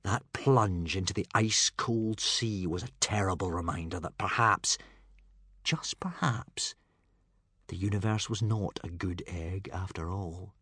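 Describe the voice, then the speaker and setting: Expressive male narrator, husky, dry close sound, lively dramatic delivery. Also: low-pitched, moderate pace, hardly any pauses, no echo. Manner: dramatic, dropping to a hush for suspense. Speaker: audiobook narrator.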